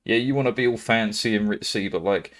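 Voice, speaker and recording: A man's voice: lowish voice, fairly quick. A British man chatting casually to his live-stream viewers, rambling, swearing freely and laughing often. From Britain. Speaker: livestreamer.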